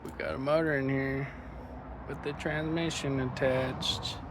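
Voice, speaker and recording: A man talks through his own outdoor mechanic vlog, thinking aloud in a relaxed, plain-spoken way. His pace is slow and unhurried, and his voice sits in a middle register. A steady layer of outdoor yard noise runs under everything. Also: medium pitch. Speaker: mechanic vlogger. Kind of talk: casual self-filmed work vlog. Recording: noisy outdoor ambience.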